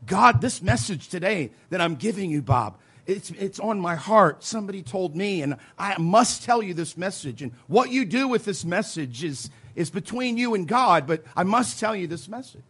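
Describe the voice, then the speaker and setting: A man preaching a teaching sermon, emphatic, slowing down to stress scripture phrases, with folksy asides. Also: high voice, expressive, a bit bright, breathy edge. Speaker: preacher teaching soul-winning. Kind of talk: sermon teaching with role-played witnessing.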